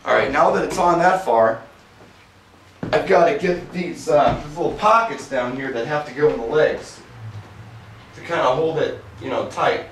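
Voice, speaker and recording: A man's voice: a little high, moderate pace, a bit bright. Chatty man in an echoey room. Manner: chatty, self-narrating while working, mild humor. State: slightly out of breath from lifting. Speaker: mobile DJ demonstrating gear. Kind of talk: casual how-to narration. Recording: echoey room, mic far off, faint hiss.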